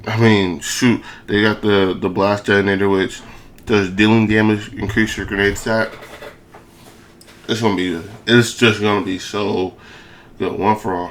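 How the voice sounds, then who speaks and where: A young male gaming video creator provides casual, hyped, slangy commentary over gameplay, his speech slurred with a lisp and full of repeated phrases. His voice is lowish and a bit bright, with a little hiss or hum in the recording.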